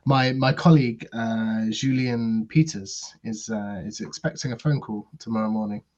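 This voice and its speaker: A schmoozing French hotel guest in a thick put-on French accent, as a man plays him in a tabletop game, halting and overly polite. His voice sits mid-range and comes through slightly dull, lo-fi audio. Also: mid-range voice, fairly even intonation, a little mellow, lightly acted. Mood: confiding.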